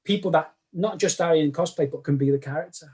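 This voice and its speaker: A man with a Manchester accent, chatting as an interview guest. His voice sits a little high for a man. He talks in a loose, rambling way and keeps restarting his sentences. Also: fast talker, a little mellow, breathy edge. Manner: rambling, lots of restarts and self-corrections. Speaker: guest cosplayer. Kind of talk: casual interview chat.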